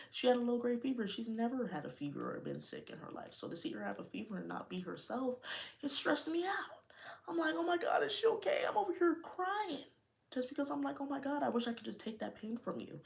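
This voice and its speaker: Young woman, podcast host, low gravelly voice, frank slangy chat. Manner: candid, slangy, talks straight to listeners. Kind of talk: casual personal talk.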